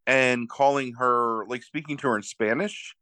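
A man's voice: mid-range voice, normal speed, pushed and bright, dry recording. A man co-hosting a podcast, retelling a movie's plot in casual, rambling chat full of fillers and self-corrections. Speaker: podcast co-host recapping a movie.

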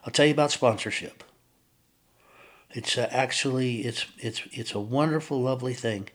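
An older man, a podcast guest, telling his personal recovery story in an earnest, reflective way with frequent pauses. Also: medium pitch.

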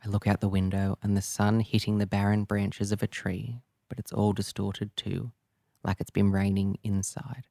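Low gravelly man narrating. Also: flat delivery, normal speed, dark tone, no room sound, clean studio sound. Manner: intimate, raw, confessional. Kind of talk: first-person audio drama narration.

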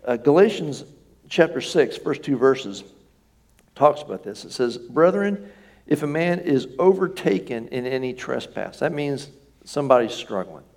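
Gravelly-voiced male pastor preaching. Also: mid-range voice, sing-song, a little slow, a little mellow. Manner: conversational preaching, asks the congregation questions. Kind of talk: sermon. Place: church sanctuary.

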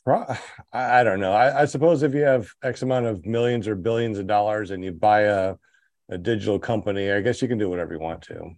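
A man's voice: lowish voice, fast, a little mellow, dry recording. A man hosting a podcast, chatting casually with guests in a joking, rambling way with many restarts. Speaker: podcast host. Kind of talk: casual group chat.

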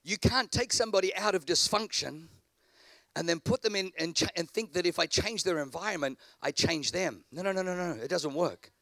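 A man preaching a sermon, dramatic, shifting from shouted peaks to quiet asides and acting out the people in his stories. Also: fairly quick, dry recording. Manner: dramatic, swings from shouting to low asides, acts out characters.

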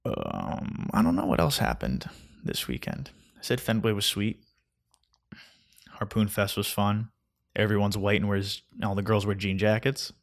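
A man's voice: lowish voice, big pitch swings, unhurried, vocal fry. A man in his twenties ranting casually about his weekend in a sarcastic, mocking way, with many fillers. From New Jersey. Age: 20s. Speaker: vlogger.

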